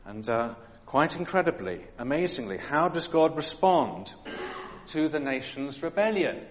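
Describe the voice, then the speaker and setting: A man's voice: a little high, sing-song, unhurried. A man preaching a sermon in a church hall, earnest and dramatic, full of rhetorical questions.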